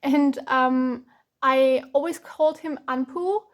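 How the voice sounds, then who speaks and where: A woman's voice: high voice, takes it slowly. A woman from Germany, giving a chatty, rambling tarot reading full of fillers and restarts. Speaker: tarot reader.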